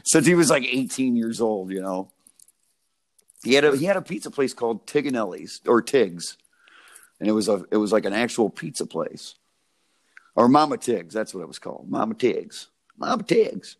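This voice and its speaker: A man's voice: medium pitch, expressive, moderate pace. A young man talks loosely in a casual podcast chat, wandering through stories. His speech is packed with fillers and swearing, and he laughs at his own jokes as he goes. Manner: rambling, profane storytelling full of fillers. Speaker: podcast co-host.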